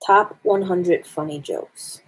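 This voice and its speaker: A woman's voice: lowish voice, slow pace, slightly rough. A woman on a casual live stream, reading jokes aloud and commenting on them to her viewers.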